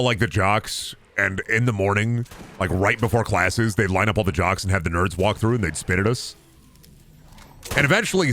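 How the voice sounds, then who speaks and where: A man's voice: lowish voice, fairly bright tone, slight background noise. A man in his thirties streaming games, chatting casually in a rambling, profane, jokey way and riffing on chat. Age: 30s. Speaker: game streamer.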